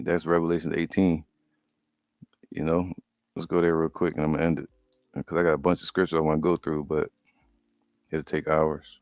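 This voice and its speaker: A man preaching, reading Bible verses slowly and breaking off into casual commentary. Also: a bass voice, flat delivery, a little mellow, no room sound. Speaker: preacher teaching scripture. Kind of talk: scripture study sermon. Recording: dull lo-fi audio.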